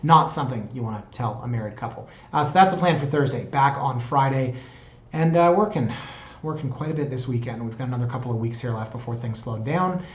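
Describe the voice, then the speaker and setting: A man's voice: medium pitch, brisk. Man, 30s, casual realtor vlog, chatty, enthusiastic, echoey room, slightly muffled sound. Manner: chatty and enthusiastic, tags lines with "right?". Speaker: real estate agent vlogger. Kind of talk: casual commentary on house listings. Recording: roomy, slightly dull recording.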